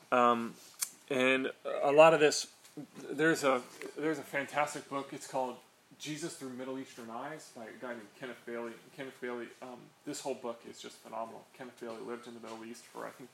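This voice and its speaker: Here the man's voice sits in the mid range, sounding pushed and bright as he leads a small group through an informal Bible study. His style is talkative and peppered with "right?", and the recording has room echo plus faint background noise.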